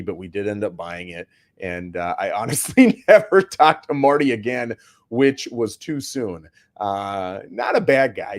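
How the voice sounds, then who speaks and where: A man, a real estate agent hosting his own show, telling a story to camera in a casual, plainspoken way, often checking in with "right?". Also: lowish voice. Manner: plainspoken, slangy.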